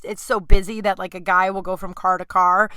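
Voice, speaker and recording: A woman's voice: mid-range voice, flat delivery, fairly quick, bright, forceful tone, smooth, no echo. A woman in her thirties hosting a podcast from her apartment, rambling through casual stories with lots of fillers and asides. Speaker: podcast host. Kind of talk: casual storytelling. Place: home apartment.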